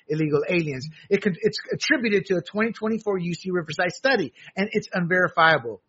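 A man from the United States ranting through a combative political monologue. His voice sits high and bright with a husky grain. The recording sounds dull and lo-fi. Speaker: political commentary host.

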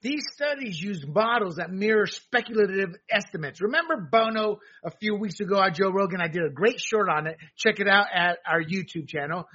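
A man from the United States ranting through a combative political monologue. His voice sits high and bright with a husky grain. The recording sounds dull and lo-fi. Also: animated, brisk, few pauses. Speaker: political commentary host.

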